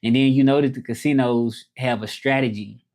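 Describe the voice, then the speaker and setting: This host streams casually from home in Mexico, reading the chat's comments out loud between rambling stretches and restarts. He speaks at a normal speed in a mid-range, slightly mellow voice with fairly even intonation.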